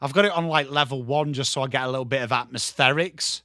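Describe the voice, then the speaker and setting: A man's voice: mid-range voice, fast talker, pushed and bright, no room sound, clean studio sound. A man with an English accent giving live, chatty and jokey football watchalong commentary, greeting viewers by name. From England. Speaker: watchalong streamer.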